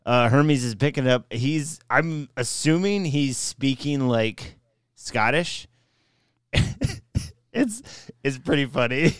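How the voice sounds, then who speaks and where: Male stream host, smooth voice, close dry mic, loose rambling delivery. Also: mid-range voice, lively intonation, takes it slowly, dry recording. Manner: rambling, swears casually. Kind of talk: casual stream chat.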